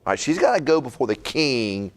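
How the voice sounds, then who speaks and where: Animated preacher, folksy. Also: male voice, mid-range voice, brisk. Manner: animated, folksy, repeats words and asks "right?". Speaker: pastor. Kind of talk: conversational Bible-study sermon.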